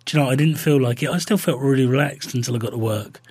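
A man, trading jokey, sweary banter as a podcast co-host. His voice sits at a middling pitch and sounds close and dry, with no room around it. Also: fast talker, darkish tone, slightly rough, no echo. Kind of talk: casual chat.

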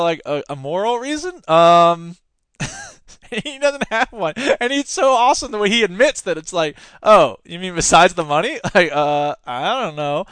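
A man's voice: sits high, a bit bright, clean tone, no echo, clean studio sound. A man hosting a podcast, giving casual, sarcastic commentary and laughing often as he talks. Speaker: podcast host; teacher.

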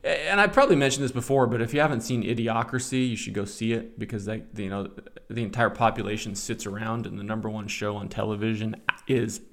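Man in his forties, gravelly voice, sarcastic running commentary, casual solo podcast host. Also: fairly low pitch, fast talker, a bit bright. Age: 40s.

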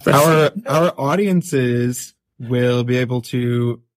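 A man guests on a talk show as a theater director, speaking at a middling pitch. He lays out details plainly and steadily, and his voice is recorded dry, with no room sound. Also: slow pace, no echo. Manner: matter-of-fact, lists details. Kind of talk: interview guest.

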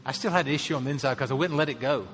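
A man's voice: medium pitch, very fast, a bit bright, long reverb tail, soft background music. A man preaching a sermon as a pastor, earnest, lifting his voice to stress key phrases.

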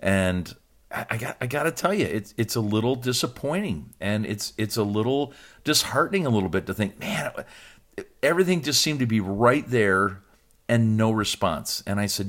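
A man's voice: on the low side, animated, moderate pace, a bit bright. A man, a pastor hosting a podcast, chatting casually and joking with his co-host, often laughing. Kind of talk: casual chat.

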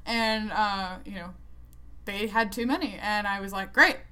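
A woman's voice: medium pitch, fairly even intonation, a little slow, a bit bright, clean tone. A young adult woman co-hosting a podcast, chatting casually in an upbeat way and laughing often. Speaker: podcast co-host. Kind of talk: casual chat.

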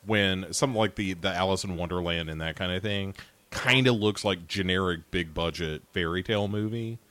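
A man's voice: sits low, a little fast, a bit bright, no room sound. A man hosting a podcast, chatting casually about films in a rambling, self-deprecating way. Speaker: podcast host.

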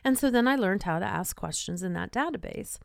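A woman's voice: medium pitch, animated, brisk, vocal fry, dry recording, studio quality. A woman podcast host telling personal stories in a chatty way, laughing between them. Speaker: podcast host and intuitive medium. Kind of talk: personal storytelling monologue.

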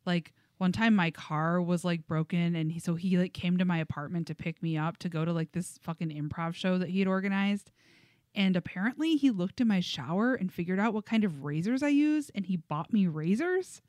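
A woman's voice: lowish voice, a little fast, no room sound, studio quality. A woman co-hosting a podcast, telling stories in a casual chat, full of fillers and laughs. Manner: animated storytelling with many fillers and laughs. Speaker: podcast co-host.

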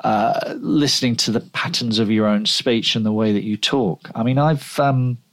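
A man co-hosts a podcast in a relaxed, conversational way. He thinks aloud, circling back and restarting his sentences as he goes. His voice sits at an ordinary middle pitch. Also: moderate pace. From England. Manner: reflective, with frequent restarts and fillers. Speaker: podcast co-host and writer. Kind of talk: casual conversation.

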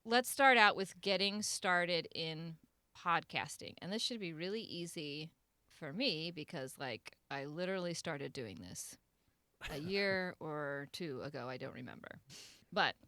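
Woman podcast host, lively and bright, playful, dry close sound. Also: deep voice, a little slow, no echo. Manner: playful, laughs often, animated. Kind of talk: casual group chat.

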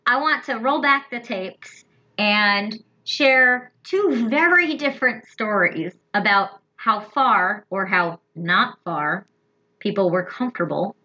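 A woman's voice: medium pitch, expressive, takes it slowly, bright, forceful tone, highs cut off. Woman podcaster chatting, telling her own story, easygoing and candid. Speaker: podcast co-host. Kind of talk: casual chat and personal storytelling.

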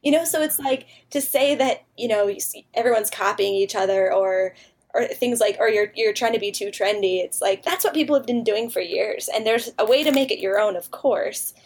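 A woman designer talking as a guest on a podcast, chatty and quick to laugh. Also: mid-range voice, darkish tone, husky. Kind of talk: casual interview chat.

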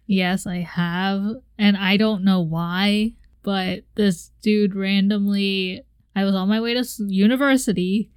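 A woman's voice: medium pitch, fairly even intonation, slow pace, clean tone, no room sound. A young woman co-hosting a casual chat, telling a story animatedly and acting out her own reactions with laughs. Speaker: podcast co-host.

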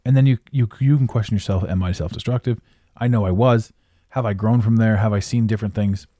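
A man's voice: on the low side, fairly even intonation, fast, dark tone, no echo. A man hosting a podcast, talking in a blunt, profane, emphatic monologue and laughing often. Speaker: podcast host. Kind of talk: casual ranting monologue.

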